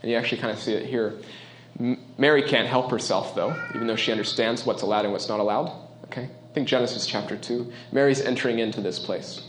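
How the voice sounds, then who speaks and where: A man's voice: mid-range voice, fairly even intonation, fast talker, slight background noise. A man preaching a sermon as a pastor, talking in a conversational, emphatic way and often checking in with his listeners. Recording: roomy echo.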